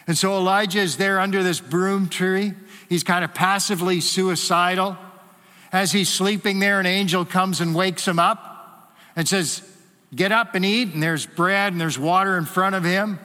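A man preaching from the stage of a large church hall, his high, bright voice ringing out with a long reverb behind it. He is animated and slips into the voices of the people in his story. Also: normal speed. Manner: animated, acts out quoted voices. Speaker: pastor. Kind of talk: sermon.

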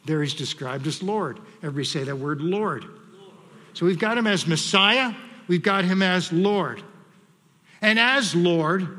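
A man delivers a measured sermon from the pulpit, pausing to read scripture and ask the congregation to repeat key words. His voice sits high and sounds bright and forceful. The sanctuary adds a long, ringing reverb. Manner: measured preaching, reads scripture aloud, leads congregation call-and-response. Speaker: pastor. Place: church sanctuary.

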